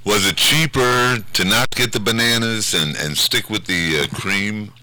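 A man with a low voice and a very bright, forceful edge jokes around on a morning radio show. He banters with callers in a loose, playful way, laughing as he goes. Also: a little slow, dry recording, poor audio. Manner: playful, jokey, laughs often. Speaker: radio show co-host in an eating challenge. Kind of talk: casual on-air banter.

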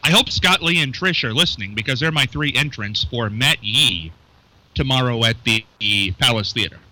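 Bright-voiced chatty radio host man. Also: mid-range voice, animated, poor audio. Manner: loose, chatty, joking, reads phone numbers slowly. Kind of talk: casual local radio chat. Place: small radio studio with co-host.

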